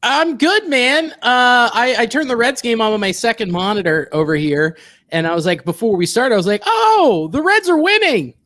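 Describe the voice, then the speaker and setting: A man appearing as a comedian guest on a sports podcast, excitable and sarcastic. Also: high voice, moderate pace. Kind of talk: casual sports chat.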